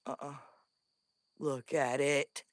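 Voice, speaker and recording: A woman vlogging from the woods on her phone, scared and breathing heavily, often dropping to a hushed whisper. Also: rumbling low, little pitch movement, slow, dry recording, studio quality. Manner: jittery, drops into hushed whispers. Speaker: paranormal vlogger. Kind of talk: live outdoor investigation vlog. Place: woods outdoors.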